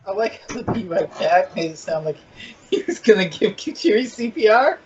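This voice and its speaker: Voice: medium pitch, sing-song, normal speed, darkish tone, dull audio, slight background noise. A podcast co-host in casual online chat, playful and giggly.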